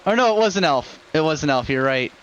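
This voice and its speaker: A man narrating as the game master of a tabletop campaign, in a casual, relaxed way. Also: a little high, fast talker, dull audio, a loud crowd. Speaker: dungeon master.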